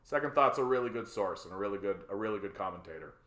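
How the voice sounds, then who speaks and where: A man's voice: on the low side, animated, fast talker, fairly bright tone. A man hosting a political livestream in a heated, profane rant that is full of repeated words and fillers. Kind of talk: ranting live-stream commentary. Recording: roomy echo.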